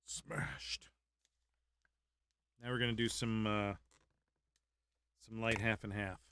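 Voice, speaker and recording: A man's voice: lowish voice, little pitch movement, moderate pace, fairly bright tone, smooth. A young man on a casual live stream, chatting in a laid-back way, chuckling often and muttering to himself as he builds a model.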